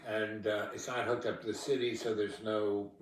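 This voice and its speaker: A man's voice: fairly low pitch, little pitch movement, normal speed. A man talking at length in casual chat, reassuring and lecturing by turns, recorded in a room of a house. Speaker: guest. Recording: echoey room, far from mic.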